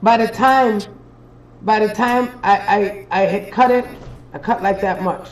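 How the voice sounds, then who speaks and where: A woman's voice: mid-range voice, unhurried, echoey room, far from the mic, slight background noise, rough recording. A young Trinidadian woman, a spiritual reader hosting a casual livestream, tells a story in an emphatic, profane way, repeating phrases for effect.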